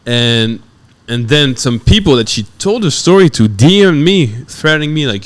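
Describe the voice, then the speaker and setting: French guy on a podcast, smooth clear voice, acts out everyone in his stories. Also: medium pitch, lively intonation, moderate pace, hardly any pauses. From France. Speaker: guest comedian. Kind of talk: casual podcast storytelling.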